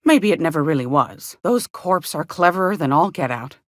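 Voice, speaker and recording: A syrupy older trader in a game, a folksy schemer who calls everyone sweetheart and deals in stolen secrets. Her voice sits low yet swoops all over with lively lilts, recorded close and dry in a studio. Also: normal speed, no room sound. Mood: sugary, scheming. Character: folksy older woman fence, sugary and scheming. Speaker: game character, station trader. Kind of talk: video game voice lines.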